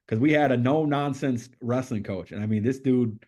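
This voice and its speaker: This middle-aged podcast guest recounts stories with energy, swearing without restraint and voicing what others said. The interview is casual, and he talks at a medium pitch and normal speed.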